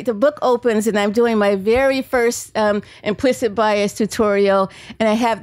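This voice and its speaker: A woman's voice: mid-range voice, a little mellow, dry recording. A woman author and psychology professor giving a storytelling book talk at a bookstore event, chatty, laughing often and acting out the quotes.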